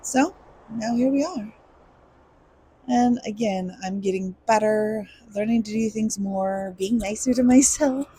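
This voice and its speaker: Earnest emotional woman vlogger, slightly high. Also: measured pace, mellow, breathy edge, rough recording. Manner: candid and emotional, with swearing; earnest, reflective. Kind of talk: personal vlog monologue.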